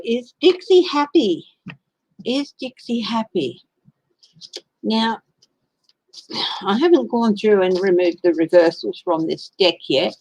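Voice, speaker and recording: A woman's voice: a little high, poor audio. A woman with an Australian accent doing a casual live-stream tarot reading, chatting and greeting viewers by name. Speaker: tarot reader.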